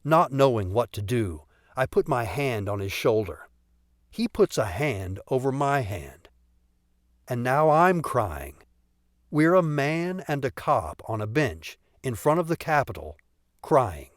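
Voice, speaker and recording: A man's voice: medium pitch, big pitch swings, slow pace, no echo, studio quality. A man narrating a comic story in the first person for an audiobook, telling it expressively.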